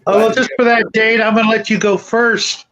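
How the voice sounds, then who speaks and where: A man moderating a podcast panel in a relaxed way, passing questions to the others. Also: sits high, moderate pace. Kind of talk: casual podcast discussion. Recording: dull lo-fi recording.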